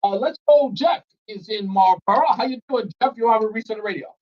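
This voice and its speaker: A middle-aged man hosting a call-in talk radio show, chatty and quick to laugh as he banters with callers. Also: sits high, highs cut off. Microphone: studio broadcast mic.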